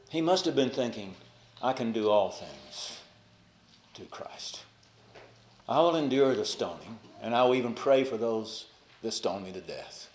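Preacher man in an echoey room. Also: mid-range voice. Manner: impassioned, swings from hushed to raised emphasis. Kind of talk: sermon.

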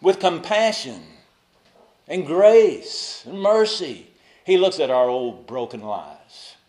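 A male pastor preaching a sermon, moving between loud emphatic lines and soft asides, and putting rhetorical questions to the congregation. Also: on the high side, very animated, slow pace.

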